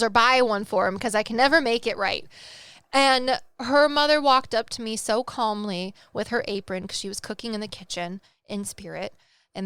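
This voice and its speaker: A woman's voice: medium pitch, a bit bright, clear, resonant tone, dry recording. A woman recounting a psychic reading in a chatty, emotional way, laughing and tearing up as she talks. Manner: chatty, gets emotional and laughs through tears. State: tearful at times. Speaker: medium telling stories. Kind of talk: casual storytelling chat.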